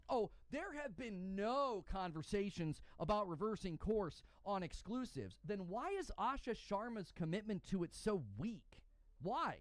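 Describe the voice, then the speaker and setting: A man's voice: high voice, sing-song, unhurried, no room sound. A man delivering a heated, indignant opinion rant as a gaming commentator, openly angry and emphatic.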